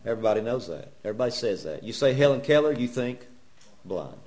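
Man preaching in church, folksy and joking, fond of rhetorical questions, mid-pitched voice. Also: animated, fast, a little mellow. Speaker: pastor. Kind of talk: sermon.

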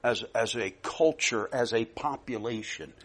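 A man preaching a sermon, emphatic, rising loud and dropping soft, repeating himself often. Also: medium pitch, a little slow.

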